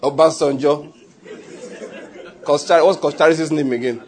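A man's voice: on the high side, steady tone, moderate pace, a little mellow, a faint crowd. A man with a Nigerian accent, a pastor preaching a sermon in a joking, conversational way with pidgin asides.

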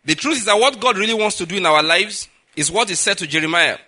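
Pastor man preaching, high bright cutting voice, keeps asking "you get it?". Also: quick pace. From Nigeria. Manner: emphatic preaching, checking in with the listeners. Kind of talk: sermon.

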